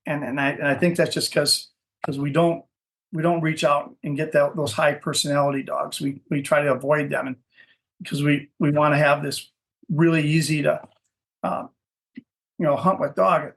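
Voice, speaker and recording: A man's voice: fairly high pitch, flat delivery, normal speed, vocal fry, a bit bright. A man from Minnesota, a dog breeder, telling stories in a casual interview, rambling and repeating words as he searches for what to say.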